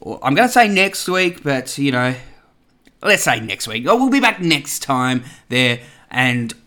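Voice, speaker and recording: A man's voice: medium pitch, sing-song, unhurried, pushed and bright. Rambling man hosting a podcast. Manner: rambling, chatty, full of fillers and asides. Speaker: podcast host. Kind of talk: casual solo podcast talk.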